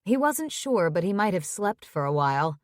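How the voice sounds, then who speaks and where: A woman narrating a romance audiobook in a measured, even reading. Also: on the low side, no room sound, studio quality.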